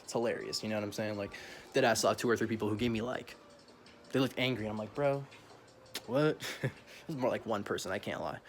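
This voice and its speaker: A man's voice: on the low side, fairly even intonation, fast, a little hiss or hum. Young man ranting, slangy vlog. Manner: slangy, profane, laughs often. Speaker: vlogger. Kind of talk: casual rant to camera.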